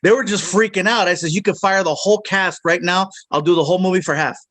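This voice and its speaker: A man's voice: high-pitched, fast talker, fairly bright tone, dry recording. Joking male comedian telling a story. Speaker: voice actor and comedian. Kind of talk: casual interview storytelling.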